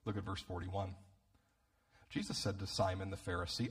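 In a sermon full of energy and jokes, a man who is a pastor often restarts phrases by repeating words. His pitch is fairly low, and his delivery runs slightly fast.

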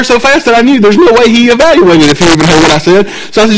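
A man's voice: very high-pitched, fast talker, hardly any pauses, poor audio. A man in his thirties or forties, a pastor who preaches in a casual, storytelling way and keeps checking in with the congregation. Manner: conversational, animated, asks the congregation frequent checks like "right?". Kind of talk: sermon with storytelling.

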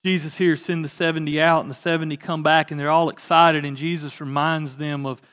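A man preaching a sermon as pastor, swinging between emphatic rising bursts and quiet asides. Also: a little high, flat delivery, fairly quick. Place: church sanctuary.

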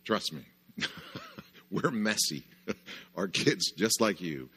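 A man's voice: low voice, expressive, slow pace, sharp tone, slightly rough. A man giving a conversational parenting talk at a church conference, often checking in with "right?". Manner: conversational, lots of "right?" asides. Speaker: conference speaker.

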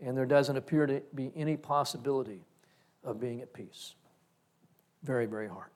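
A man's voice: mid-range voice, normal speed, darkish tone. A middle-aged male pastor giving a reflective, story-driven sermon.

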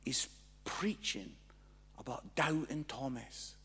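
A man, a pastor preaching and telling a story with lively acted-out dialogue. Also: medium pitch, takes it slowly, slightly rough. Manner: animated, acts out both sides of dialogue. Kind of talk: sermon storytelling.

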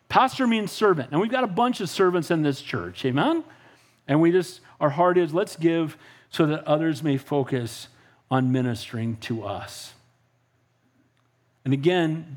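A middle-aged man pastor preaching a sermon, animated and calling out for amens from the congregation. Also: fairly high pitch. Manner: animated preaching with frequent call-outs for amen.

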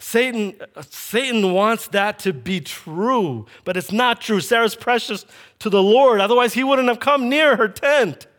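A man with a notably high speaking voice delivers a sermon. He retells the scripture story with energy and puts feeling into the quoted lines as he reads them. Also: measured pace, fairly bright tone. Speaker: preacher.

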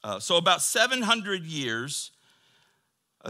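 Man, pastor, casual joking sermon, very bright voice. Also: mid-range voice, animated, measured pace. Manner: joking, conversational preaching with chuckles.

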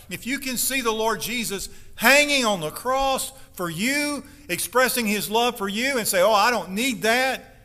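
Preacher, male, high bright voice, dramatic sermon in a reverberant church hall. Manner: impassioned preaching, acting out pleading voices. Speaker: pastor.

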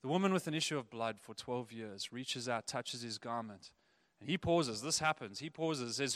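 A man preaching a sermon, animated, acting out the voices of the people in his stories. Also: mid-range voice, moderate pace. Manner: animated, acts out quoted voices. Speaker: pastor.

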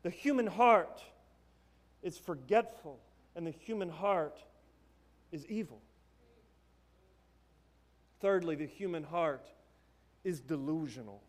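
A man's voice: on the high side, lively intonation, slow, long pauses. A young adult man preaching a sermon in a conversational way, tossing rhetorical questions and casual asides to the congregation. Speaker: pastor.

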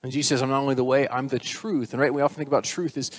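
A man's voice: medium pitch, level tone, racing. A male pastor preaching a sermon, emphatic and rising on key phrases, with casual asides to the congregation.

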